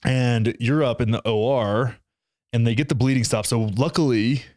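A man's voice: mid-range voice, steady tone, normal speed, darkish tone, no room sound, clean studio sound. A young man and new father talking casually and emotionally, swearing as he tells a story. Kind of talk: casual conversation.

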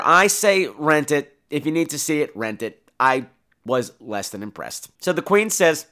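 A man's voice: fairly high pitch, big pitch swings, a little fast, a bit bright. A man hosting a horror review podcast who talks in a casual, sarcastic way with crude humor. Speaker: podcast host and film reviewer.

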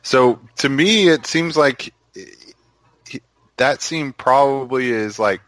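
A man with a mid-range voice reasons out loud, hedging his points with plenty of fillers as he goes. The recording is dry and close. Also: medium pitch, slow, dry recording. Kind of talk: casual chat about a TV trailer.

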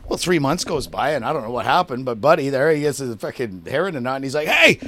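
A man telling a long, profane story on a podcast, acting out both sides of a shouting match and laughing often. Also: mid-range voice, animated, fast talker, slight background noise. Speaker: podcast co-host. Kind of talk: casual storytelling chat.

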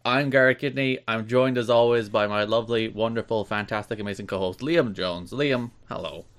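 A man's voice: on the low side, a little fast, a bit bright. A young man hosting a podcast in casual chat, dry and teasing. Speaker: podcast host.

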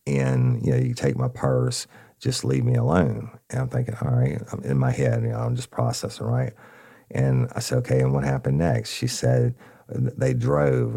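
A man who is a detective, recounting a case in a rambling, casual storytelling way, repeating words and calling listeners y'all. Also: warm tone. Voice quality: deep gravelly voice.

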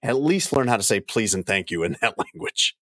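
A man's voice: on the low side, animated, brisk, pushed and bright, no echo, studio quality. A middle-aged man co-hosting a casual podcast chat, rambling and repeating phrases as he tells a travel story. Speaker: podcast co-host.

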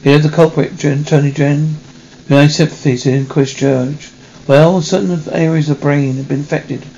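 A man reading a film script aloud in a halting way, correcting himself as he goes. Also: a little high, fairly even intonation, gravelly, warm tone, dull audio, a little hiss or hum. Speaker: reader.

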